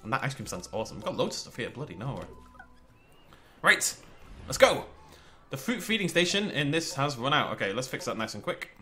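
A man's voice: mid-range voice, very animated, a little fast, long pauses, pushed and bright. A man with a northwest English accent hosting a let's play, chatting and exclaiming to himself as he plays. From northwest England. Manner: chatty, exclaiming, talks to himself while playing. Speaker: gaming channel host.

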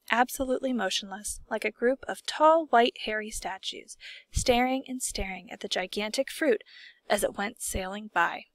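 A woman reads a children's storybook aloud with a steady, expressive delivery. Her voice sits on the higher side. The recording is dry and close, with no room sound around her. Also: gravelly, no room sound. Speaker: audiobook reader. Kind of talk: storybook narration.

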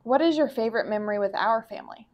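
A woman's voice: on the high side, fast talker, a little mellow, lo-fi sound. A woman co-hosting a homestead channel, chatting casually and playfully, often trailing off mid-thought. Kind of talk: casual interview chat.

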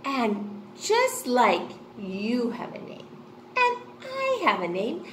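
Woman kindergarten teacher, high, lively sing-song delivery, echoey room. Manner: slow, sing-song and excited, gasping with delight. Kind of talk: online lesson for young children. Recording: echoey room with faint noise.

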